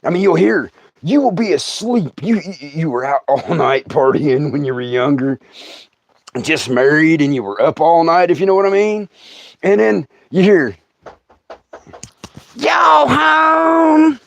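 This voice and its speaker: A middle-aged man, hosting a comic storytelling livestream, laughing through his tale and breaking into loud outbursts. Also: on the high side, expressive, moderate pace, creaky, no room sound. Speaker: comedian host. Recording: dull, dry sound.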